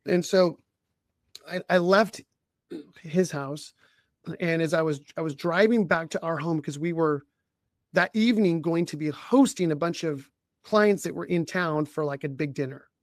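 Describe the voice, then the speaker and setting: Halting, throat-clearing man, a bit high. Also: no room sound. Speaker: leadership coach and podcast co-host. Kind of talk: conversational storytelling.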